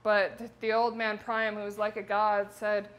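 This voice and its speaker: A woman's voice: medium pitch, completely flat delivery, measured pace. A woman retelling an ancient epic in casual, irreverent modern language with playful asides. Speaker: performer-translator.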